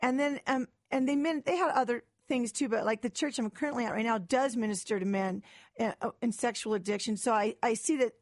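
Animated woman telling her story. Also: a little high, brisk, no room sound. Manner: animated storyteller, acts out quoted dialogue. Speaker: guest. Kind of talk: personal testimony in a talk-show interview.

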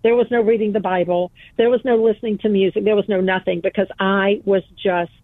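A woman author, on as a guest over a phone call, tells a personal story in an interview, earnest and emphatic, repeating phrases for weight. Her mid-range voice is brisk with fairly even intonation. The line sounds tinny and dry, with no room sound.

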